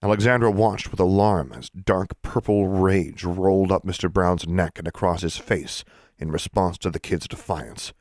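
A man narrating a fantasy audiobook in an expressive storytelling manner. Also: low-pitched, normal speed, no echo, clean studio sound. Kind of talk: scripted narration.

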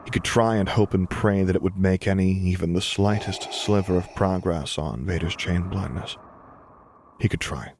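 A man narrating a fan fiction audiobook in a measured, expressive storytelling manner. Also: low-pitched, noisy background. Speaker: podfic reader.

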